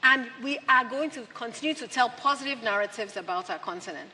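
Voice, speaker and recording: A woman's voice: fairly high pitch, animated, a little fast, pushed and bright, a little hiss or hum. A woman giving a speech to an audience, emphatic and full of rhetorical questions. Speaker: conference speaker. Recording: long hall reverb.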